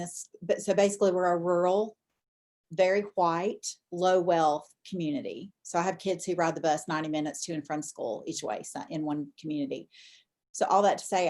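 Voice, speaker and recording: A woman's voice: fairly low pitch, a little mellow. A woman district administrator on a video-call panel, telling a classroom story with passion.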